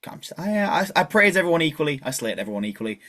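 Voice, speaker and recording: A man's voice: a little high, sing-song, racing, bright, forceful tone. A man chatting casually as a podcast guest, talkative and self-deprecating. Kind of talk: casual chat.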